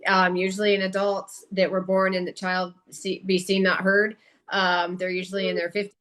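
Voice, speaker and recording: A woman's voice: mid-range voice, completely flat delivery, normal speed, fairly bright tone. Frank, explanatory woman guest. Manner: frank, explanatory, casual swearing. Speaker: podcast guest, medical medium. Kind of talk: casual podcast chat.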